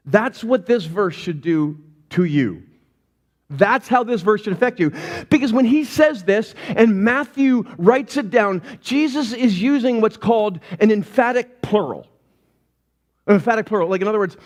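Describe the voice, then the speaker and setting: A middle-aged man preaching to his church with a light, fairly high voice. He tells stories with animated energy, slips into little acted-out voices and throws rhetorical questions at the congregation. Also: fairly quick. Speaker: pastor. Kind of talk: sermon.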